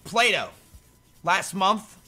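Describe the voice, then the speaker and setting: A man streaming casually, talking to his chat in an animated way and swearing freely. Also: high-pitched, slow pace, faint music behind. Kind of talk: casual livestream commentary.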